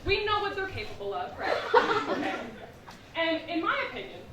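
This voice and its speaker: A young woman performing a stand-up comedy set on a theatre stage, telling animated stories with asides to the crowd. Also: very high-pitched, normal speed, distant mic. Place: theatre stage with a live audience. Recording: roomy hall recorded from afar, noisy.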